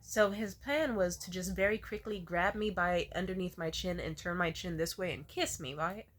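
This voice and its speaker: Her voice on the low side with fairly even intonation, a young woman speaks at a moderate pace in a candid home vlog confession. She curses heavily, laughs frequently, gets slightly teary and lurches from loud bursts to mumbling.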